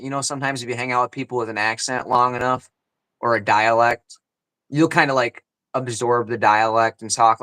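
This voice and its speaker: A man's voice: mid-range voice, pushed and bright. A man co-hosting a casual podcast chat, rambling and repeating himself with lots of fillers. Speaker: podcast co-host.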